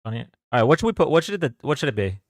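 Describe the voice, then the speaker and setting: A man's voice: mid-range voice, very animated, rapid-fire, no echo, studio quality. A young man hosting a live stream from home, chatting casually and greeting viewers by name in a loose, joking way. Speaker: livestream host.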